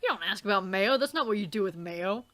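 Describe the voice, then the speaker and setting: Dave Strider, deadpan teen boy, voiced by a woman. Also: fast. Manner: low, flat, mumbling deadpan. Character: cool deadpan teenage boy.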